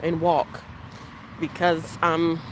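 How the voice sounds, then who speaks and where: A frustrated, upset vlogger venting while walking beside a road, rambling and restarting sentences, with faint traffic behind. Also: medium pitch. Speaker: vlogger and business interviewer. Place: outdoors beside a busy main road. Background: faint street traffic.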